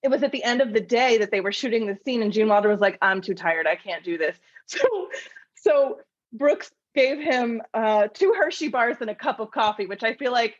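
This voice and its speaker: A woman podcast host in casual chat, telling film trivia in a lively storytelling way with frequent laughs. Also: fairly high pitch, moderate pace, dry recording, lo-fi sound.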